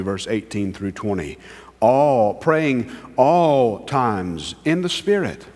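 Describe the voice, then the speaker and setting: A male pastor preaching a sermon, swinging between hushed, drawn-out words and raised, emphatic lines. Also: mid-range voice, long reverb tail.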